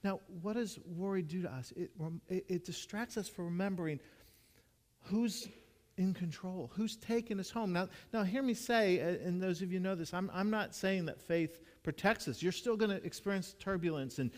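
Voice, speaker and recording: Earnest pastor preaching in a reverberant hall. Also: male voice, high voice, moderate pace. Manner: earnest, storytelling, often restarts and repeats words. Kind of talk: conversational sermon. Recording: long reverb of a large hall.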